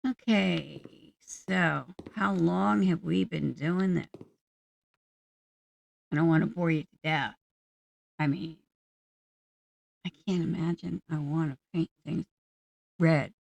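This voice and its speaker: A woman giving casual gameplay commentary, musing aloud to herself at an unhurried pace. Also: low-pitched, vocal fry, no room sound. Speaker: gaming channel host.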